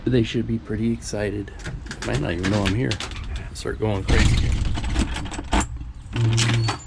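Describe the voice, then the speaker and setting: A man's voice: on the low side, steady tone, measured pace, gravelly, pauses often. A man vlogging as he walks outdoors, talking into a small handheld mic in a rambling, offhand running commentary. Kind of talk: casual walking vlog. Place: outdoors, walking around town and by a flooded river. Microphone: small handheld external mic. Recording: noisy outdoor phone-style recording.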